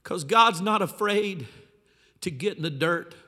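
A man preaching a sermon as a pastor, telling the story with animated, dramatic flair in a large church hall. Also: high-pitched, a little slow. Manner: animated, dramatic storytelling with vivid, sweeping delivery.

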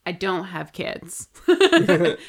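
A woman's voice: fairly low pitch, sing-song, drawn-out words. A woman co-hosting a casual podcast, reacting expressively and swearing freely. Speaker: podcast co-host.

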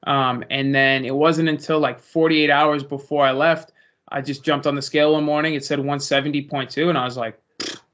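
Laid-back young fighter, slightly high, muffled. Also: male voice, fairly even intonation, a little fast, fairly bright tone. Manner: easygoing, rambling with fillers. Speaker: pro fighter guest. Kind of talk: casual interview answers. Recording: lo-fi muffled audio.

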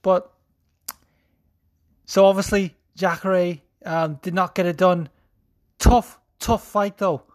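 A man's voice: high-pitched, steady tone, slow pace, long pauses. Man doing a put-on Scouse accent. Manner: putting on a mock Liverpool accent, self-mocking. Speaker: podcast host. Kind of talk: casual MMA recap podcast.

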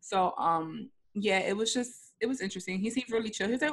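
A woman's voice: medium pitch, animated, brisk. A young adult woman co-hosting a casual podcast, speaking frankly and emphatically and swearing freely. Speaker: podcast co-host.

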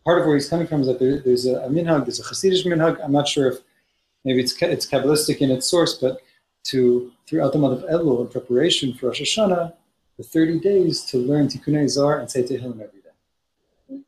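A man's voice: a little high, fairly quick, a little mellow. A man teaching a Torah study class, reading Hebrew passages aloud and explaining them in English with frequent restarts. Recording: roomy echo, faint noise.

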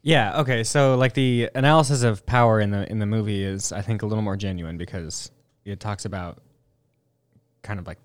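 Smooth-voiced analytical man, dry sound. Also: on the low side, a little fast, no echo. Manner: thoughtful, analytical, many fillers. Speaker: podcast co-host. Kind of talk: casual chat.

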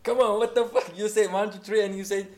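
A man's voice: high voice, steady tone, quick pace, noisy background. A young man from Turkey, a podcast guest teasing the host bluntly and with swearing. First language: Turkish. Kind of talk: casual banter.

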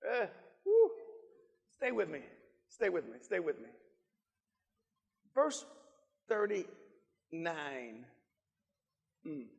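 A man preaching a fervent sermon, shouting and repeating phrases, calling out to the congregation. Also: sits high, huge pitch swings, extremely slow, creaky, long pauses, husky, in a large hall, muffled recording. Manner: fervent preaching with shouts, repetition and call-outs.

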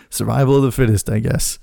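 Profane, animated man telling a story. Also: mid-range voice, no room sound. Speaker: podcast host. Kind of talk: comic personal storytelling.

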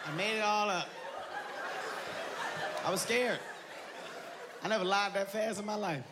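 A man doing stand-up comedy, telling an animated story and acting out voices, laughing as he goes. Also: high-pitched, a little slow. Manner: excitable, animated, breaks into laughter, acts out voices. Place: large venue with live audience. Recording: live show with loud crowd noise.

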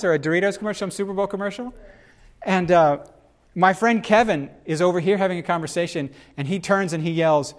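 A man hosting a casual faith discussion, talking in an animated, rambling way with frequent restarts. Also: high-pitched, moderate pace.

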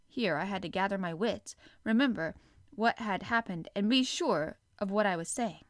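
A woman narrating a classic adventure novel aloud in the first person, with expressive, dramatic storytelling. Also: medium pitch, normal speed, dry recording, clean studio sound. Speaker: audiobook narrator.

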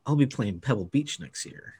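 A man in his thirties with a middle-pitched voice talks casually on a podcast. He tells stories in a relaxed, rambling way, full of "uh" and "like". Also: normal speed, breathy edge. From Mexico. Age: 30s. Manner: laid-back storyteller, lots of fillers. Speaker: podcast co-host. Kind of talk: casual chat.

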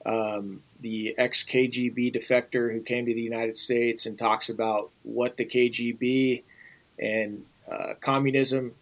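A man's voice: medium pitch, flat delivery, unhurried, rough recording. A man speaking as an interview guest, emphatic and urgent, talking straight to the viewers. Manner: emphatic and urging, addresses viewers directly. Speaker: guest, former Navy SEAL. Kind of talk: conversational interview.

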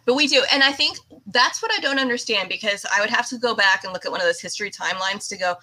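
Chatty Californian woman, bright voice. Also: medium pitch, rough recording. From United States. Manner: chatty, animated, quick asides. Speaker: podcast host. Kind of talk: casual interview chat.

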